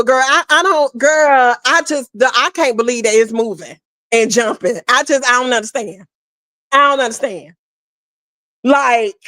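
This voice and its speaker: A woman giving sassy, animated gossip commentary, talking straight to her audience and calling them "girl" and "honey". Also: high voice, dry recording, clean studio sound. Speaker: commentary host.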